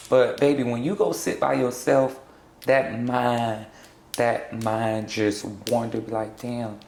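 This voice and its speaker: A young trans woman from South Florida speaking in a candid sit-down interview, blunt and sassy and quick to laugh. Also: rumbling low, little pitch movement, creaky, darkish tone, reverberant, slight background noise. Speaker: interview guest.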